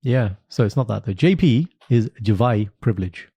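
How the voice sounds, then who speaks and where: A man co-hosting a podcast in rapid, animated casual chat. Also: fairly low pitch, breathy edge, no room sound. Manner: rapid, animated, mixing in Punjabi. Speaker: podcast co-host.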